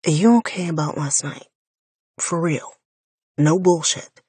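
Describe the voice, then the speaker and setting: A woman's voice: sits low, measured pace, a little mellow, husky, dry recording, exaggerated voice. Cocky teasing young man, read by a woman. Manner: teasing, lazy drawl.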